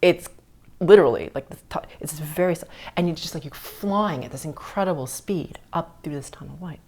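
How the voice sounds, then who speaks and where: Podcast host, woman, middle-aged, low-pitched, earnest storyteller who slips into soft whispers. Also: a little fast, slightly rough. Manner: earnest, drops to soft whispers at tender moments. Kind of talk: personal storytelling on a spiritual podcast.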